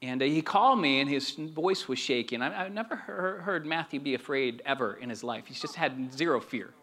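A middle-aged pastor preaching a sermon, moving between quiet storytelling and emphatic calls to the congregation. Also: male voice, mid-range voice, expressive, a little fast.

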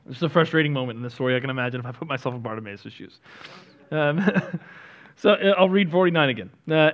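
A man preaching a sermon as a pastor, talking in a conversational, self-deprecating way that moves between quiet and energetic stretches. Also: mid-range voice, fast talker, highs cut off.

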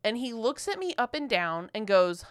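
Smooth-voiced woman telling a podcast story. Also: on the high side, normal speed. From Philadelphia. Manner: animated, quotes people in lively voices. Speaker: podcast co-host. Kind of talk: casual storytelling chat.

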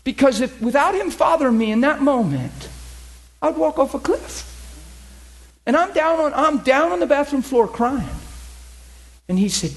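A middle-aged man with a notably high-pitched voice teaches a class in the style of a sermon. He tells personal stories with animated emphasis and laughs often. He keeps asking his listeners whether they get it. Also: normal speed. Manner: emphatic, asks listeners questions.

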